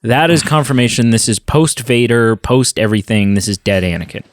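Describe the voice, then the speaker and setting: A man's voice: mid-range voice, fairly quick. A man hosting a podcast, chatting casually in a review and retelling scenes with many fillers. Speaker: podcast host. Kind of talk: casual film review chat.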